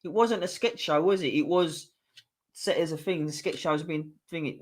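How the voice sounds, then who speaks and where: A man's voice: fairly high pitch, normal speed. A man with a London accent, hosting a casual live-stream quiz, chatty and teasing, swearing freely. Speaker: host reading a quiz to a live chat.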